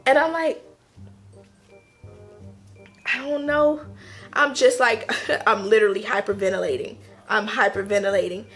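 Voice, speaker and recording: A woman casually telling a personal story to camera, animated, acting out quotes in a higher voice and laughing between lines. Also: normal speed, soft background music.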